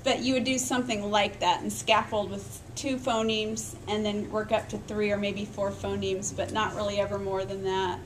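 A woman's voice: medium pitch, level tone, normal speed, hardly any pauses, noisy background. A woman teaching a recorded lecture on literacy, explaining step by step, sounding out speech sounds aloud and checking in with her listeners. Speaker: literacy education instructor.

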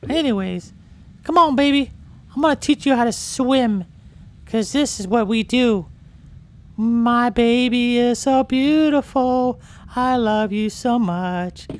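A woman's voice: fairly high pitch, lightly acted. A woman voicing a doting, protective new mother dolphin over gameplay, gushing and melodramatic.

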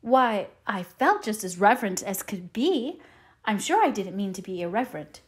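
A woman's voice: medium pitch, animated, normal speed, close to an everyday voice. Anne Shirley, a woman reading as a dreamy orphan girl. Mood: earnest, dreamy. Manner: rapturous, breathless run-on chatter. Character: talkative, dreamy, eager young orphan girl. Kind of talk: audiobook character reading.

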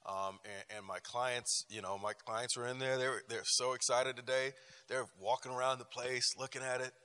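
A man leads a church relationship class, driving his points home by repeating phrases and restarting sentences. His voice is forceful and bright at a middle pitch. The sound carries a long reverb from the church room. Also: level tone, normal speed, clean tone. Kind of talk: lively class talk with personal stories.

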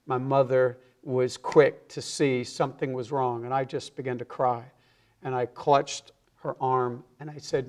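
A man's voice: medium pitch, flat delivery, normal speed, a little mellow. Earnest man telling his testimony. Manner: earnest storyteller who acts out the quoted voices. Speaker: evangelist guest. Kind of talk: personal testimony in a TV interview.

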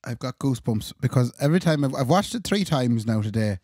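A man's voice: mid-range voice, lively intonation, quick pace, darkish tone, no room sound, clean studio sound. An Irish man co-hosting a podcast, chatting casually with jokey asides. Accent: Irish, west of Ireland. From Ireland. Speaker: podcast co-host. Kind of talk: casual chat.

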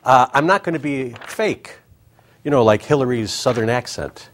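A man's voice: mid-range voice, lively intonation, moderate pace, background noise. A man hosting a comedic talk show, delivering a wisecracking monologue.

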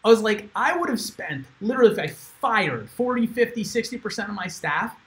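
A man's voice: sits high, expressive, fairly quick, fairly bright tone, rough recording. A man hosting a casual live stream. He talks bluntly and with energy, swears freely, calls listeners "dude" and reads viewer comments aloud.

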